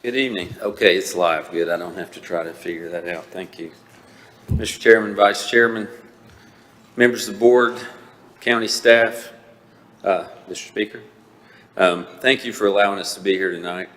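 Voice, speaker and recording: A man's voice: low-pitched, normal speed, fairly bright tone. A man, a former school principal, formally opening a presentation to a county board. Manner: formal, addresses the board by titles. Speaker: historic trail representative and former school principal. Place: county board meeting room. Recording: echoey meeting room.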